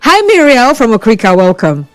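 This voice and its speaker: A woman's voice: fairly high pitch, sing-song, moderate pace, no echo, soft background music. Chatty Nigerian woman radio host. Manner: chatty, laughs often, teasing. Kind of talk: phone-in radio talk.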